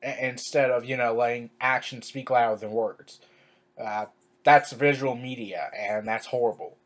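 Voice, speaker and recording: A man's voice: mid-range voice, steady tone, moderate pace, fairly bright tone. A man ranting sarcastically to camera in a vlog, crude and full of stammered restarts. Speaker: wrestling commentary vlogger. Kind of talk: opinion rant to camera.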